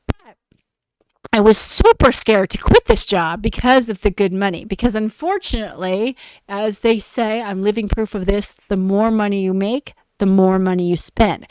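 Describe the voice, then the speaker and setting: A woman hosts a casual podcast, spilling a personal story in a frank, foul-mouthed way. She acts out the lines of the people she quotes. Her voice is smooth and clear, recorded close in a dry, dead space. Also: medium pitch, moderate pace, darkish tone, no room sound, rough recording. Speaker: podcast host.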